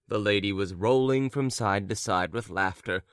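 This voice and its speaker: A man narrating a classic novel as an audiobook in a low, measured storytelling voice. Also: a bit bright, clear, resonant tone, dry recording, clean studio sound. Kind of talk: scripted narration.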